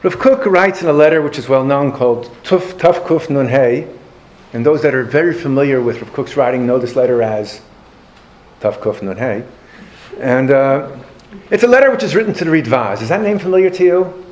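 High-voiced man telling a story. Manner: animated anecdotal delivery with dry humor. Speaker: lecturer on Jewish history. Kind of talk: storytelling lecture to a live audience.

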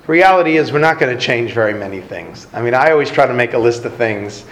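A man giving a sermon as a religious teacher, telling a parable in an animated, conversational way. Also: mid-range voice, fast. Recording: very echoey room, faint noise.

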